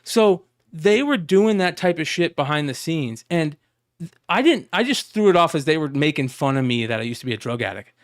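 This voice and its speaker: A man's voice: on the high side, brisk, dry recording, studio quality. A man telling stories on a casual podcast, swearing freely and acting out the conversations he recounts. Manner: animated storytelling, profane, acts out quoted exchanges. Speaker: co-host.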